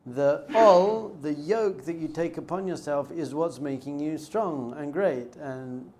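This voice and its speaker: A man's voice: a little high, a little slow, darkish tone. A man, a rabbi, giving an informal class, telling stories and acting out bits of dialogue. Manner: conversational, storytelling with acted-out dialogue.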